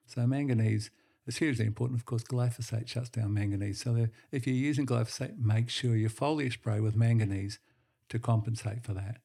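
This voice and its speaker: A man hosting a health segment, explaining in brisk lists in a casual monologue. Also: mid-range voice, fairly even intonation, gravelly, warm tone.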